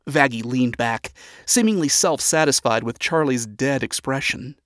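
A man giving a steady, even reading as the narrator of a story. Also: mid-range voice, moderate pace, no room sound, clean studio sound.

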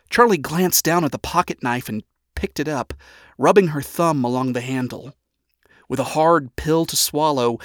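Man reading a story aloud, even and steady, dry recording. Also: medium pitch, no room sound. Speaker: narrator. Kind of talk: scripted story narration.

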